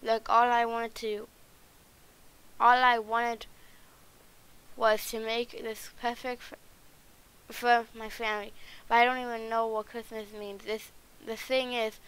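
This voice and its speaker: A grumpy, reluctant male ogre from a storybook comedy, read aloud by a woman in a fairly high, smooth voice. The lines come out flat and even, with stumbles and restarts. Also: takes it slowly, pauses often, low-quality recording. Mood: grumbling.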